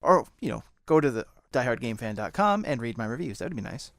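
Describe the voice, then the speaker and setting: A male podcast guest talks in a relaxed, agreeable way and repeats words as he gets going. His voice sits in a mid range and sounds dry and close. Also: mid-range voice, fast talker, vocal fry, no echo. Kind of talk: casual podcast discussion.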